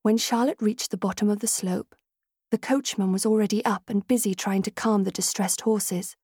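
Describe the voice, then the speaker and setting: A woman narrating an audiobook with measured, expressive storytelling. Her voice is mid-pitched with a soft, husky breathiness, and the recording is close and dry, with no room sound. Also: dry recording. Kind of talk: scripted narration.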